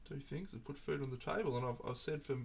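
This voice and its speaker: A man's voice: medium pitch, fast, vocal fry, a little hiss or hum. A man chatting casually on a live stream while painting miniatures, reflective and rambling, often restarting his sentences. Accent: Australian.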